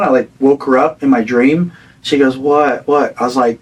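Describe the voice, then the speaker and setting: A man in his thirties, a rock band frontman guest, telling a story in casual conversation, animated and swearing, acting out the voices he quotes. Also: medium pitch, moderate pace, husky, far from the mic, poor audio.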